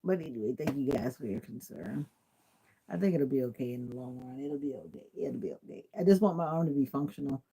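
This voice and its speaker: A woman's voice: extremely low pitch, brisk, warm tone, a little hiss or hum, low-quality recording. A woman from Jamaica chatting casually on a livestream, answering viewers' comments and laughing often. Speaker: livestream host. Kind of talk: casual live-stream chat.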